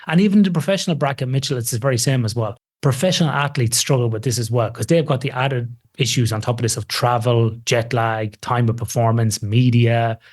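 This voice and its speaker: A man speaking as a guest researcher in a casual podcast conversation, animated and emphatic, with a self-deprecating streak. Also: medium pitch, a little fast, hardly any pauses.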